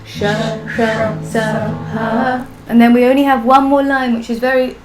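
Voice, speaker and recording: A woman's voice: a little high, steady tone, a little slow. A woman teaching a live-streamed class, patiently chanting syllables in a sing-song and joking with her students. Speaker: language teacher. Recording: echoey room with music behind.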